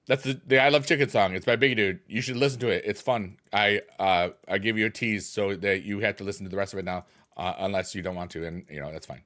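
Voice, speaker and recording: A man's voice: lowish voice, quick pace, a bit bright. A middle-aged man streaming a mobile game, chatting casually with his viewers and breaking into goofy chicken noises. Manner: goofy, chants silly chicken noises, talks to chat.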